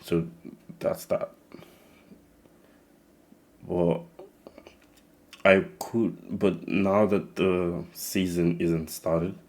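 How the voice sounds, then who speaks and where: A man's voice: sits low, darkish tone. A young man with a Nigerian-tinged accent casually introducing his channel, rambling with many restarts and fillers. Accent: Nigerian English mixed with slight American. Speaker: channel host.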